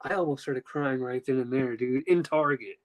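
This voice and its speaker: A man's voice: normal speed, low-quality recording. A man casually telling a long personal story on a podcast, acting out the quotes and swearing freely. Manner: animated, acts out quotes with pitch jumps, swears casually. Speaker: podcast host.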